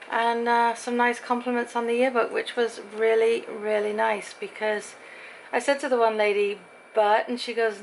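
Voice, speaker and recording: A woman's voice: a little high, slight background noise, poor audio. A middle-aged woman chatting at home in a rambling vlog, acting out the people she quotes. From Britain. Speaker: vlogger.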